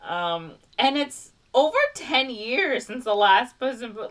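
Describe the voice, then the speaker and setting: A woman's voice: on the high side, expressive, slow, hardly any pauses, a bit bright, recorded from a distance. A woman hosting a podcast, chatting casually in a giggly, rambling way with lots of fillers. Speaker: podcast host. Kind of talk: casual chat.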